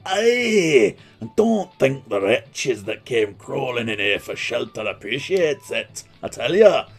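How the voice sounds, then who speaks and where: Guy doing a gravelly over the top scottish innkeeper, stubborn and grumpy. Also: medium pitch, very animated, slow pace, soft background music, heavily acted. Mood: grumbling. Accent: put-on Scottish. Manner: exaggerated, rolling brogue. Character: gruff retired male innkeeper, stubborn.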